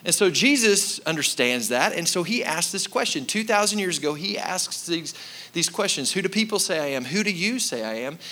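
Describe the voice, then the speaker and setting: A man's voice: high voice, animated, normal speed, pushed and bright. A man preaching a sermon as pastor, speaking emphatically and repeating key lines while addressing the congregation directly.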